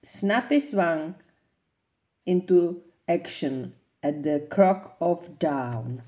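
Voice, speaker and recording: A woman reading a children's picture book aloud as a storyteller, in a slow, expressive way. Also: on the low side.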